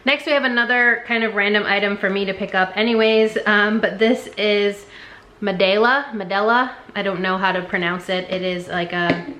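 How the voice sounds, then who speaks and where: A woman talks through her thrift haul in a casual, chatty way, with lots of fillers. Her voice is bright and clear, and it rings a little in an echoey room. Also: mid-range voice. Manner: chatty, many um fillers, unsure of brand names. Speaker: thrift reseller showing a haul.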